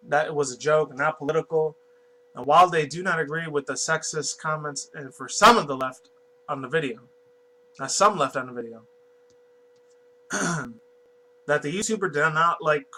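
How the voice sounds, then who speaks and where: A man's voice: on the high side, sharp tone, slight background noise, low-quality recording. A man from New York giving a casual, rambling commentary as he reads a news article aloud, swearing often and stumbling over words. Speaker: YouTube commentator.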